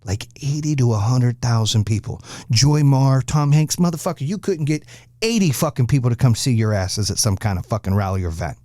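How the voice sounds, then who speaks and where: Male podcast host, mid pitch, dry close mic, profane rant. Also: lively intonation, brisk, mellow, no echo. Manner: blunt, aggressive, swears constantly. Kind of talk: profane ranting monologue.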